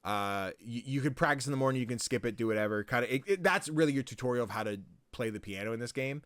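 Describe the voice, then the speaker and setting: A man at a mid pitch talks through a game's story in loose, rambling podcast chat, peppered with "like" and frequent swearing. His voice sits close and dry, with no room sound around it. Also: fast talker, fairly bright tone, no room sound. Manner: rambling, swears freely, lots of likes and ums. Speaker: podcast co-host. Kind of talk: casual game recap chat.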